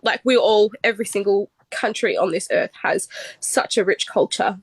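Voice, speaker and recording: A woman speaking in an earnest, heartfelt, halting way on a phone livestream. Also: mid-range voice, breathy edge, dry recording, poor audio. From Australia. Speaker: livestream guest. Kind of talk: emotional livestream talk.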